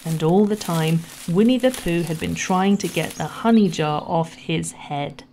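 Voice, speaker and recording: A woman narrating a children's storybook in a gentle, measured and expressive way. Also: lowish voice, slight background noise. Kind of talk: storybook reading.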